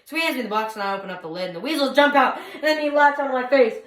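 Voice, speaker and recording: Animated young woman telling a comic story. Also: high voice, very fast. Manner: animated, swings from loud to hushed. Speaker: speech competitor. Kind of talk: comic monologue performance. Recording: roomy echo.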